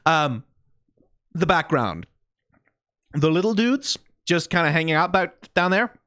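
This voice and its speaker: A man talks through an anime episode in loose, profane commentary, circling back and restarting his sentences. His voice sits on the high side and swings widely in pitch. The sound is dry and close, with no room around it. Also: unhurried, dry recording. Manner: animated, profane rambling with frequent restarts and laughs. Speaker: anime reaction host. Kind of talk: casual reaction commentary.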